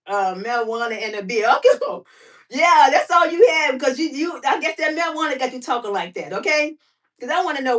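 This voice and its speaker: A woman hosting a casual livestream, talking to her chat in an animated, talkative way, laughing often and firing off rhetorical questions. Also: a little high. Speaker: livestream host. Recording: voice somewhat far from the mic.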